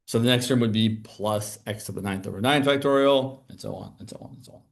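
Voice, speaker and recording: A man teaches a math lesson in a relaxed, conversational way. He explains each step as he writes on the board. His voice sits at an ordinary middle pitch. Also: fast. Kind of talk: classroom lecture.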